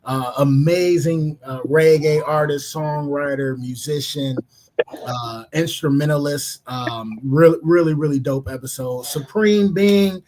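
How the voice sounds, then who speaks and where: A man from Cleveland co-hosting a podcast, telling a story in a casual, animated way and acting out the voices in it. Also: on the high side, measured pace. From Cleveland, Ohio. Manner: animated, laughing, acts out voices in his stories. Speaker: podcast co-host.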